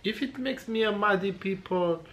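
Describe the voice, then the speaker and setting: A young French man with a French accent, chatting halting and teasing in a casual family vlog, full of fillers and restarts. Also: high voice, fairly bright tone, slight background noise. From France. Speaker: vlog co-host, husband.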